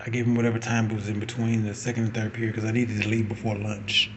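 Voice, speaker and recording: A man in his forties telling a personal story in a casual, animated way, swearing and acting out what people said. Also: on the low side, quick pace, hardly any pauses, a little hiss or hum. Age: 40s. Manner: animated, profane, acting out quotes. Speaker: vlogger.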